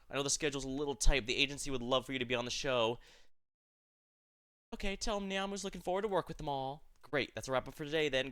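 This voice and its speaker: A brisk, polite agency manager delivering schedule news, as a man reads the lines close to his own voice. The voice is bright and smooth throughout. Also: mid-range voice, lightly acted. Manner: businesslike, brisk.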